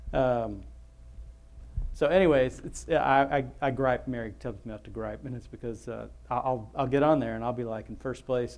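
A man's voice: medium pitch, gravelly, darkish tone. A male pastor giving an informal, rambling sermon, full of asides, restarts and self-interruptions.

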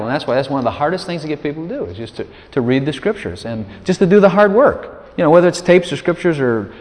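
A man's voice: medium pitch, darkish tone. Folksy preacher man in a reverberant hall. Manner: conversational, folksy, many "you know" asides; acts out quoted prayers in a raised voice. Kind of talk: informal sermon teaching.

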